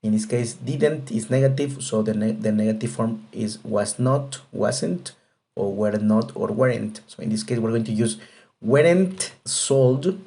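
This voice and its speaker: Patient, mellow-voiced male English teacher. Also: medium pitch, unhurried, vocal fry. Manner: patient, repetitive explanation with frequent fillers. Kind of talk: grammar lesson explanation.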